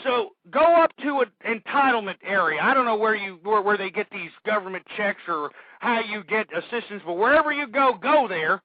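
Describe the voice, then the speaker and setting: A radio host holds forth in a heated, ranting monologue, his voice pitched very high for a man. The sound is dry and close, squeezed thin like a phone line. It is an old lo-fi broadcast. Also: expressive, normal speed, dry recording. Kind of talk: political talk radio monologue.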